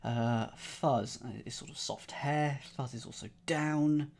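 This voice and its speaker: A man's voice: medium pitch, steady tone, slow pace, darkish tone. A man solving a crossword live on stream, thinking aloud in a playful, muttering way. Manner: playful, muttering to himself while reasoning.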